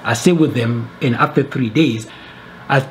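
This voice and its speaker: A man telling a travel story to camera, animated and full of restarts and repeated words. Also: mid-range voice, a little slow, faint music behind. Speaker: travel video creator.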